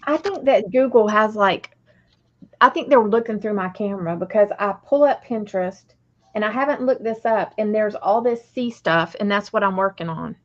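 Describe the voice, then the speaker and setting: A woman's voice: medium pitch, moderate pace. A woman chatting casually with friends on a craft stream, plain-spoken and wry. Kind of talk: casual chat while crafting. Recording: slightly dull sound.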